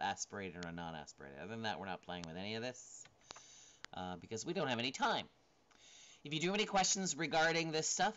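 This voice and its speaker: Over slides in a recorded lecture, an instructor of medium pitch and slightly bright tone speaks casually. His delivery is full of fillers and frequent "right?" checks, captured on a dull, lo-fi recording with faint noise.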